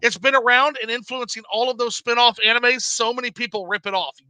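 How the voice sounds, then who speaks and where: Guy hosting a live stream, high bright voice, dry close mic, lots of swearing and laughing. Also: fairly quick, smooth, no echo, rough recording. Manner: animated, swears freely, laughs often. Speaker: livestream host reading chat. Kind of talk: casual livestream chat.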